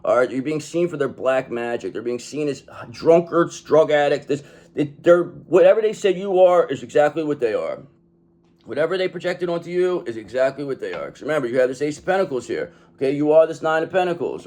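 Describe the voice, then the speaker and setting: A man reads tarot cards in a lively, swooping voice that sits a little high for a man. He talks emphatically and swears freely, and he keeps checking in with "okay?". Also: brisk. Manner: emphatic, profane, repeats "okay?". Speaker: tarot reader. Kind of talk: tarot reading monologue.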